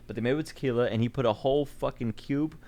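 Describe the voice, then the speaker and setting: An easygoing man chatting on a podcast with a voice of middle pitch. He laughs often and keeps dropping slang like bro. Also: fast, warm tone. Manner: easygoing, laughs a lot, calls people bro. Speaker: podcast co-host. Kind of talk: casual chat.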